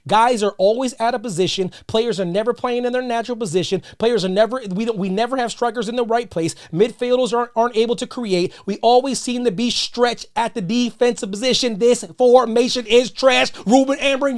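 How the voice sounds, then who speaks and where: Man, podcast host, high voice, animated rant, slangy.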